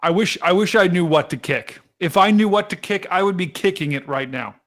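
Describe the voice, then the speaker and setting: Excitable man hosting a storm stream. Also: high-pitched, fairly quick. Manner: excitable, chatty, talks to chat directly. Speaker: livestream weather host. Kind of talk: live storm-tracking stream commentary.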